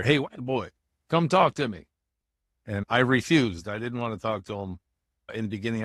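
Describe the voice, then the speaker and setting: A man's voice: on the low side, fairly bright tone, dry recording, studio quality. A man from Michigan, a guest in a podcast interview, telling his life story in a candid, conversational way. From Michigan, USA. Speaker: guest, motivational speaker.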